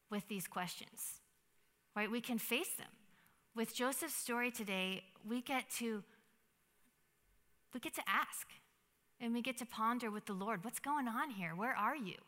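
A young adult woman giving a devotional Bible teaching in a chatty, animated way, with many fillers and restarts. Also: a little high. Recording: long hall reverb.

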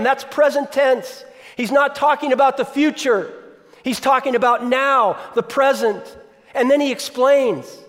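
A man's voice: very high voice, measured pace, fairly bright tone. A man preaching a sermon as pastor, conversational, often asking the congregation questions. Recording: long reverb of a large hall.

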